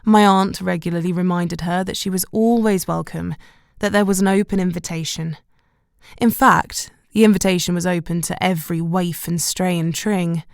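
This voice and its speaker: A woman narrating a romantic comedy audiobook in the first person, wry and measured. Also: on the low side, steady tone, creaky, dry recording, studio quality.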